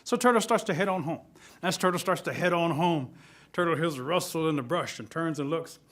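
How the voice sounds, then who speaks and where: A man telling a traditional animal tale in a lively, expressive studio storytelling style. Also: fairly high pitch, fairly quick.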